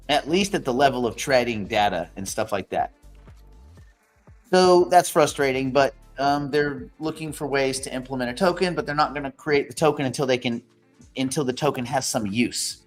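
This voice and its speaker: A man hosting an investing question-and-answer show, talking in a blunt, rambling and often profane way. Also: medium pitch. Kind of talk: casual livestream Q&A.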